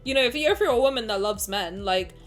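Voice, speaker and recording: Animated young woman streamer, lively pitch. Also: quick pace, soft background music. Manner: animated, swearing, laughing often, reading comments aloud. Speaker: streamer reading chat. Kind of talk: casual live-stream chat.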